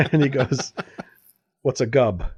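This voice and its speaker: A man's voice: medium pitch, slow, breathy edge, no echo. Podcast man, storyteller, acts out both sides of the talk, laughs a lot, dry close sound. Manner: animated anecdote-telling, acts out dialogue, laughs often. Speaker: podcast co-host telling a story. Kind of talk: casual chat, storytelling.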